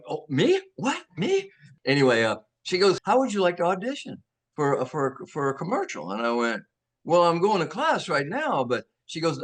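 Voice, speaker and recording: A man's voice: medium pitch, a bit bright. A man in his sixties from Georgia with a Southern American accent, telling stories as an interview guest in a folksy, laughing way. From Georgia, USA. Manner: folksy, laughing, acts out quotes. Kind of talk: casual storytelling.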